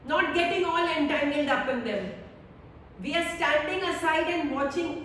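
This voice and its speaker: A woman giving a calm, meditative devotional talk on scripture, with a slow, repetitive, soothing delivery. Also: sits high, slight background noise. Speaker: spiritual teacher. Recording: echoey hall, voice from far off.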